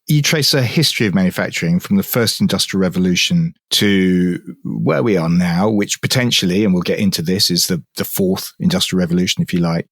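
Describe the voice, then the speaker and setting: A man's voice: low-pitched, no room sound, studio quality. A man hosting an interview, asking questions after long framing setups. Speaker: podcast host.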